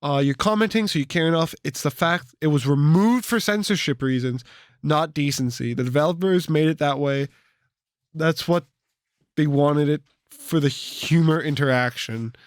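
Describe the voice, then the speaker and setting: A man's voice: fairly high pitch, normal speed, no echo. Sarcastic young man, dry room. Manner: teasing, sarcastic, swears freely. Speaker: podcast co-host. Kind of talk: casual chat.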